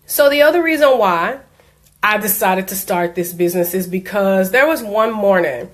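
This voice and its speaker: A woman's voice: mid-range voice, expressive, normal speed. Earnest woman coaching with conviction. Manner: earnest, emphatic, storytelling with acted quotes. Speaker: diabetes life coach. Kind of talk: personal motivational talk.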